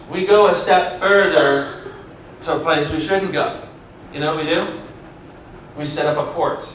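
A man with a high voice preaches a sermon from some way off the mic. His voice rings through a very echoey hall, with faint noise underneath. He stretches key words out and swings between loud and soft. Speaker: pastor. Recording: echoey room, mic far away.

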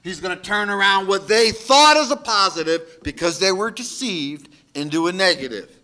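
A man preaching a sermon as pastor, moving between loud shouted calls and quiet asides. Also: high voice, very animated, normal speed, few pauses.

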